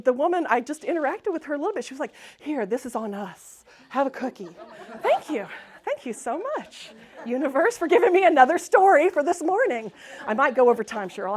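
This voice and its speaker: Brief: upbeat woman speaker, a touch high, chatty storyteller at a spiritual center who laughs easily. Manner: bubbly, laughs often, acts out her own excited quotes. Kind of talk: Sunday talk, personal storytelling.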